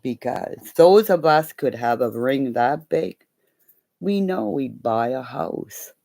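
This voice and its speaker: A middle-aged woman rambles through everyday stories in casual chat, swearing freely and acting out the voices of the people involved. Her voice sits low with a gravelly edge. She talks slowly, but her pitch swings widely. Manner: profane, animated, acts out quoted voices. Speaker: live streamer.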